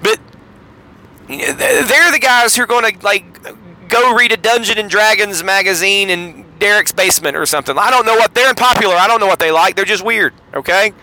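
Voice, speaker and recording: A man's voice: brisk, low-quality recording. A middle-aged man, telling a wry, sarcastic story in a casual podcast monologue. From Southeastern United States. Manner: wry, sarcastic storyteller with lively pitch swings. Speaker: podcast host.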